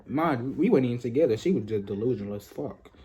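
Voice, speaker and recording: Young man, husky and mellow, rambling profane storytime delivery. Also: mid-range voice, lively intonation, fast talker. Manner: rambling, repetitive, profane slang. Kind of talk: casual storytime.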